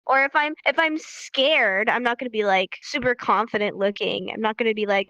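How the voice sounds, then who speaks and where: This young woman has a high, bright voice and teaches a casual sign language lesson over a live stream. She talks briskly with few pauses, stays animated, repeats key points for emphasis, and laughs easily. The audio is dry and a bit dull, like a lo-fi stream.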